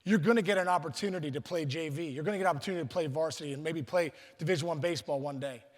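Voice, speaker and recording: A middle-aged guest speaker from Pittsburgh, USA, gives a storytelling speech at a luncheon in a large banquet hall. His voice is on the high side and racing; he acts out the voices of people he quotes and often restarts sentences. The recording is reverberant.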